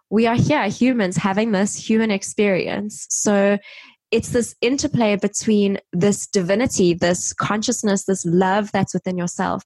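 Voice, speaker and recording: Woman guest, mid pitch, reflective and halting, dry close recording. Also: no room sound. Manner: soft and searching, trailing off with many fillers. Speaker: podcast guest. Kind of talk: reflective personal storytelling.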